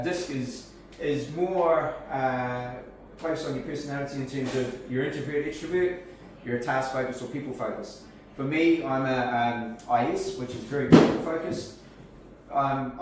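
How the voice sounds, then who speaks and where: A New Zealand-accented life coach gives a casual live talk to a networking group in a cafe function room, speaking conversationally with frequent restarts and fillers. His voice is mid-range, and the echoey recording uses a distant mic with faint ambience and slight background noise.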